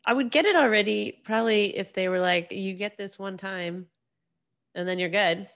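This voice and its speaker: एक युवा महिला होस्ट, जो अकेले बैठकर अपने पॉडकास्ट पर बिखरी-बिखरी बातें करती है, बार-बार वाक्य अधूरे छोड़कर फिर से शुरू करती है और खुद पर ही हँसती है।. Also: female voice, mid-range voice, normal speed, fairly bright tone, dull audio. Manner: rambling, self-deprecating, many restarts. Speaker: podcast host. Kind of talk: casual solo monologue.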